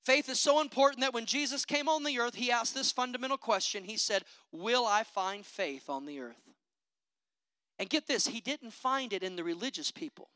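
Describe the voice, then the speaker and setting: A preacher delivering an impassioned sermon, calling out for amens and swinging between loud declarations and low conversational asides. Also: fast, hardly any pauses, no room sound.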